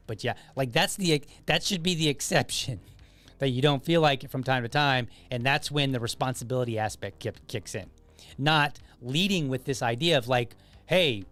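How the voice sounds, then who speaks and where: A man's voice: medium pitch, a bit bright. A man hosting his podcast, talking through comments in a loose, conversational way full of restarts and asides. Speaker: podcast host. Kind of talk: casual solo commentary.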